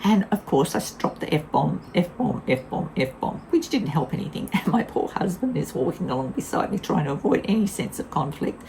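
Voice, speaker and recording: An older woman speaks in a mellow, warm tone and rambles through a casual story. Her pitch swings widely as she talks. She is blunt and candid and laughs easily, with a faint hiss behind her. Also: sing-song, moderate pace, vocal fry, hardly any pauses, rough recording. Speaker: vlogger.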